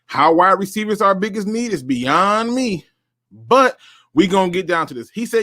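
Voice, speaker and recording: A man's voice: sits high, moderate pace. A man hosting a solo sports talk show, speaking straight to his viewers and reacting as he reads. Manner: animated, talks to viewers directly, reads out and reacts.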